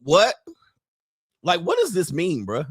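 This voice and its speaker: A man's voice: high voice, huge pitch swings, slow, slightly rough, dry recording, studio quality. A man streaming, reacting to clips in casual, mocking commentary and laughing often.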